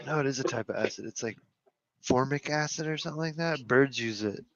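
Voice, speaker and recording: A man's voice: medium pitch, fairly quick, dry recording, highs cut off. A man co-hosting a casual cannabis chat, teasing, profane and laughing often. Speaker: podcast co-host.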